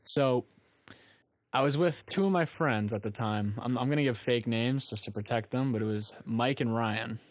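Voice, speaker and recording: A young man recounts a rambling story in loose, casual chat, and now and then he laughs at his own tale. His voice sits at an ordinary middle pitch for a man, and the recording is dry and close with no room sound around it. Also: normal speed, no room sound. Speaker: guest storyteller.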